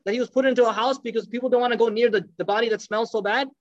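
A man teaching through animated storytelling, acting out the voices of the people in his story. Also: very high-pitched, rapid-fire, no echo. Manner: animated storyteller, acts out quoted speech. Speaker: religious teacher. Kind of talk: storytelling lecture. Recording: dull lo-fi dry recording.

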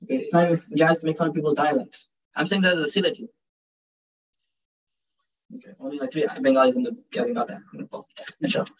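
High-voiced fast-talking man teaching. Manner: conversational and joking, mixing in Urdu and Arabic phrases. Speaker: Islamic teacher giving a talk. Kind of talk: informal religious lecture. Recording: dull distant recording.

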